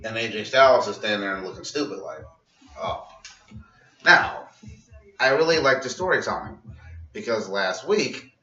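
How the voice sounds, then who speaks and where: Rambling, profane wrestling vlogger, bright voice. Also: male voice, fairly low pitch, expressive, normal speed, far from the mic. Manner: rambling, profane, laughs at his own jokes. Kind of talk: casual recap and commentary. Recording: roomy, muffled and off-mic.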